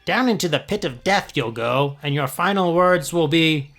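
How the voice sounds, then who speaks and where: A man's voice: fairly high pitch, lively intonation, normal speed, a bit bright, faint music behind, pitched above the performer's own voice. A man voicing a scheming female witch as he reads his own story aloud, in a gloating, taunting manner.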